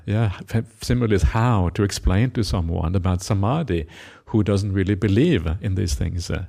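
A monk giving a Buddhist dharma talk, retelling a scripture story with many "uh" fillers and acted-out quotes. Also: male voice, lowish voice, creaky, mellow.

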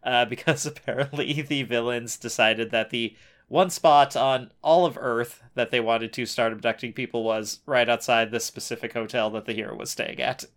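A man in an easygoing recap chat, talking at an average pitch and riffing sarcastically on what happens. He mocks the plot with dry asides. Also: steady tone, moderate pace, fairly bright tone. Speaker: podcast co-host.

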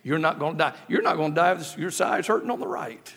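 A middle-aged man preaches as a guest at a church sanctuary, where the hall echoes with long reverb. His voice is on the high side, expressive and quick, fairly bright with vocal fry and a breathy edge, as he tells humorous tales and repeats phrases in rhetorical questions.

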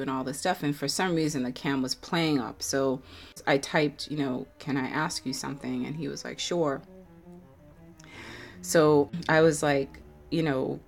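Low-voiced woman telling a story. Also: normal speed, creaky, faint music behind. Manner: animated, conversational, many fillers. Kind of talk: casual storytelling.

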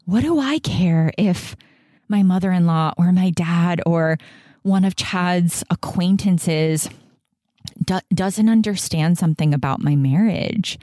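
Young woman, podcast host, casual storytelling, says "like" a lot, lowish voice, dry close sound. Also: slow pace, no room sound. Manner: chatty, says "like" often, quotes others in animated asides.

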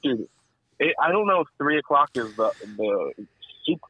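A man's voice: a little high, sing-song, normal speed, pushed and bright, rough recording. A man co-hosting a podcast, joking and riffing in casual chat. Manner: joking, riffs with voices. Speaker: podcast co-host.

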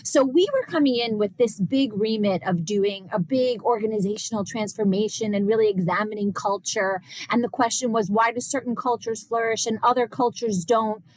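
A woman's voice: a little high, moderate pace, hardly any pauses, a little mellow. A woman, a business consultant and researcher, explaining her work with enthusiasm in an interview. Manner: enthusiastic, explanatory, quotes people in asides. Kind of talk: interview conversation.

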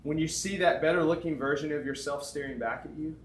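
A young man preaches in a storytelling way, acting out the lines of the people in his story. His voice sits a little high for a man. The room around him is echoey. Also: fairly quick, slight background noise. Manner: animated storyteller, acts out dialogue. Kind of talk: sermon storytelling.

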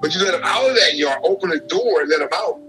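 A man's voice: high voice, expressive, fast, a bit bright, faint music behind, low-quality recording. A man in a casual chat, talking in a blunt, emphatic way and swearing often. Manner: blunt, profane, emphatic talk.

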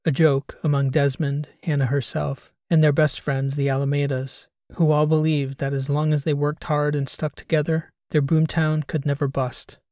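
A man narrating a science fiction audiobook in a steady, even storytelling manner. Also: a little high, moderate pace, few pauses, no room sound, studio quality. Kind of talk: scripted narration.

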